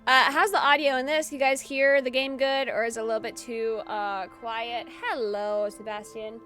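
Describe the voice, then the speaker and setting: A woman's voice: fairly high pitch, fairly even intonation, moderate pace, fairly bright tone, soft background music. A woman streamer giving chatty, casual gaming commentary, giggling often and swearing casually.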